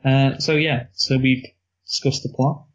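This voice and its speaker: A man co-hosting a movie review podcast in casual chat, relaxed and rambling. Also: medium pitch, unhurried. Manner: relaxed, rambling, laughs at own slips. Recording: dull lo-fi recording.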